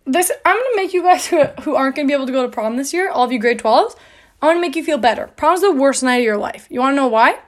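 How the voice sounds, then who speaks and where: A woman's voice: sits high, very fast. A young woman, hosting a casual podcast, rambling and a little out of breath, full of "like" and laughter. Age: young adult. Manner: rambling, filler-heavy, with frequent "like" and laughs. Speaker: podcast host. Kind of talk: casual chat.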